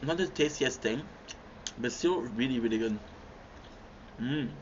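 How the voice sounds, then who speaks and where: A man's voice: medium pitch, measured pace. A young man hosting a livestream, chatting casually with viewers and humming between bites of food. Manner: relaxed, chatty, stops to chew and hum between bites. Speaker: livestream host. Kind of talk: casual chat with viewers while eating. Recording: dull lo-fi stream audio with faint background hum.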